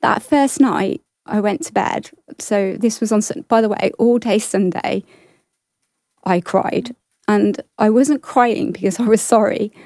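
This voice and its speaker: A woman giving an earnest, halting personal testimony, often restarting her sentences. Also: mid-range voice, warm tone, no echo, clean studio sound. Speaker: guest sharing testimony.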